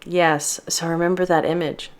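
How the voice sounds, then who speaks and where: A woman playing a steady brother with a low, even voice. He soothes and reassures, gentle and protective. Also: moderate pace, lightly acted. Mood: reassuring. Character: protective Russian man, calm older twin brother.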